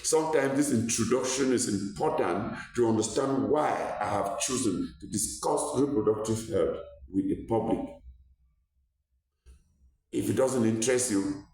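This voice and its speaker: A man's voice: medium pitch, a little slow, a little mellow, far from the mic. A man from Cameroon, a doctor giving an earnest health talk to viewers, repeating words as he searches for them and rising when he stresses a point. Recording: echoey room, voice from off-mic.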